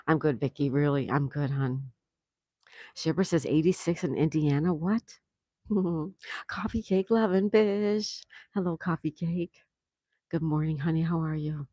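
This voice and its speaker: A woman's voice: low voice, measured pace, mellow, dry recording. A woman hosting a casual livestream outdoors, chatty and affectionate, reading viewer comments aloud. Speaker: livestream host.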